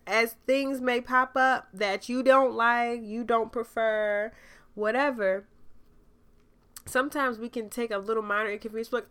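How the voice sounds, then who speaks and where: A young woman talks through a spiritual reading for her listeners in a loose, easygoing way. She fills pauses with ums and likes, and now and then slips into playfully over-the-top asides. Her voice sits in an ordinary middle pitch. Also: bright, forceful tone. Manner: loose, conversational, frequent fillers, dramatic asides. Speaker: podcast host giving a spiritual reading. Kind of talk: casual spiritual advice monologue.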